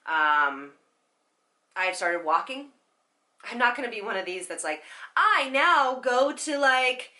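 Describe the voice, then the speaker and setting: A young woman talking candidly and haltingly to her viewers in a personal vlog, tearful at times, with many fillers. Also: on the low side, sharp tone. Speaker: vlogger.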